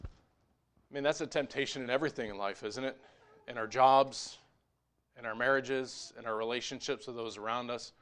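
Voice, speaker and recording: A man preaching a sermon as pastor, moving between quiet conversational asides and raised, emphatic exhortation. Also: mid-range voice, steady tone, normal speed, clear, resonant tone.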